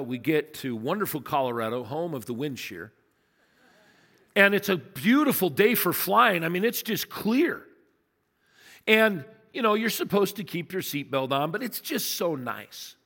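Older male pastor preaching in a hall. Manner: storytelling, rising to emphatic peaks and dropping to low quiet asides. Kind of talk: sermon. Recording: long reverb of a large hall.

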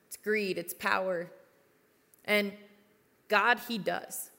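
A woman's voice: mid-range voice, steady tone, slow, creaky, bright, forceful tone. A young woman youth pastor giving an earnest, conversational sermon with personal stories. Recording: long reverb of a large hall.

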